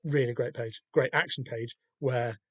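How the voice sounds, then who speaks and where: Southern English man, mid-pitched, sweary and rambling, dry close mic, casual comic-book chat. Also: fairly even intonation, normal speed, husky, no room sound, muffled recording. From Southern England. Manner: rambling, sweary, self-deprecating. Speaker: podcast host.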